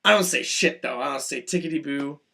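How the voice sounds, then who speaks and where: A man's voice: on the high side, fairly quick, sharp tone. A man vlogger telling a profane, sarcastic rant story about a customer. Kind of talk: ranting storytelling vlog.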